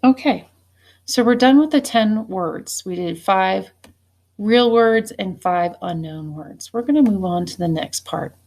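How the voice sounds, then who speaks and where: A woman teacher giving a spelling test, saying each word slowly and deliberately and then saying it again. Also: mid-range voice, a little mellow. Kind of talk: slow spelling dictation.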